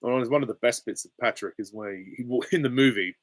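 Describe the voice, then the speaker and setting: Brief: chatty, giggly host answering viewers live, mid-range voice, very dry close sound. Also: male voice, medium pitch, fast talker, no echo. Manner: chatty, giggly, self-deprecating. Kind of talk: live stream Q and A.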